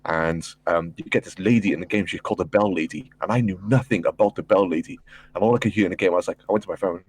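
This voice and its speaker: Man, low pitch, husky voice, casual podcast chat, swearing, excitable storyteller. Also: racing. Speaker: podcast panelist.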